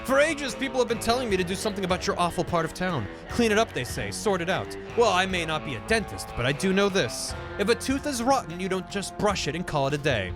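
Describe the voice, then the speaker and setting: A man voicing a pompous, scheming male fish mayor in a video game, speaking low and slow with grand self-importance. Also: very animated, music in the background. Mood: grandiose.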